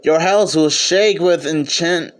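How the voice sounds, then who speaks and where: Man, film reviewer, high-pitched voice, slow easygoing pace, eager, keeps correcting himself. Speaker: movie reviewer. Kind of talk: casual video review.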